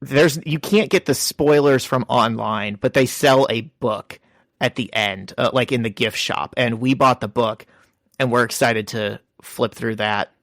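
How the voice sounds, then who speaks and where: A man's voice: mid-range voice, unhurried, fairly bright tone, no room sound, clean studio sound. A man co-hosting a podcast in casual chat, rambling enthusiastically with lots of filler words. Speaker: podcast co-host.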